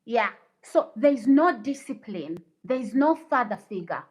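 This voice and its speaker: A woman chats on her livestream in an unhurried, drawn-out delivery, her voice sitting a little high. She reads viewer comments aloud and lectures in an indignant, preachy tone. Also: expressive, husky, poor audio. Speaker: livestream host. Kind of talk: casual livestream chat with viewers.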